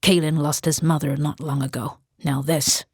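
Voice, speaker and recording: A woman's voice: sits low, flat delivery, moderate pace, darkish tone, slightly rough, no room sound, studio quality. A woman voicing a stern, formal male priest in an audiobook. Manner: formal, curt.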